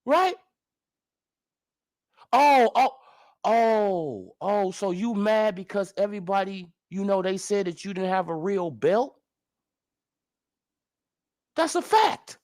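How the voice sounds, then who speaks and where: A man's voice: high-pitched, slow pace, darkish tone. A man ranting in sports commentary as a vlogger, profane and incredulous, firing off heated rhetorical questions.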